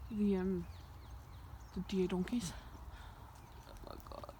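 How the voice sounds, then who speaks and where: Walking outdoors on a rural hill in a noisy recording, a young woman vlogs casually to the camera, nervous and frequently lowering her voice to a whisper. She speaks slowly with frequent pauses, in a warm, lower-pitched voice of fairly even intonation.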